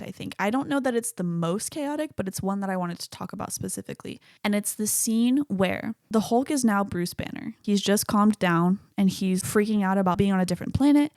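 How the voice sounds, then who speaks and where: A woman's voice: mid-range voice, gravelly, a little mellow, no echo, clean studio sound. A woman hosting a solo podcast, talking casually and chattily about a movie, swearing freely. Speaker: podcast host.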